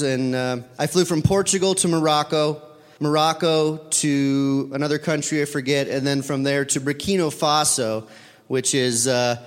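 A man telling a personal story to an audience, rambling and correcting himself with many fillers. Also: mid-range voice. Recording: long reverb of a hall.

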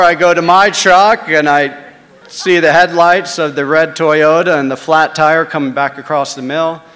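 A man telling a first-person story, swinging between hushed asides and loud dramatic beats. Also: mid-range voice, in a large hall.

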